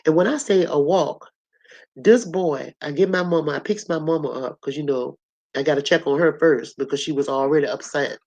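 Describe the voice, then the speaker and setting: A hoarse woman with a cough, telling a story to her audience in a blunt, colorful, animated way. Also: low-pitched, highs cut off. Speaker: host.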